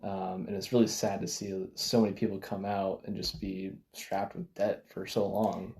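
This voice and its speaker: A podcast host, a woman, speaks in a strikingly deep register. She talks in a measured, reflective way during casual conversation, with soft laughs now and then. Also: little pitch movement, gravelly.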